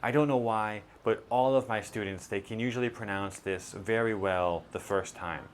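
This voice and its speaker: A man teaching a pronunciation lesson, modeling sounds slowly and deliberately. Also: fairly low pitch, fairly even intonation, a little hiss or hum.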